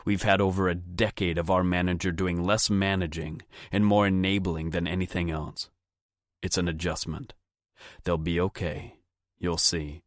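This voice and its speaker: A man's voice: steady tone, normal speed, no room sound, clean studio sound. A man narrating a romance audiobook in the first person, intimate and profane. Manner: low, intimate, frequent swearing.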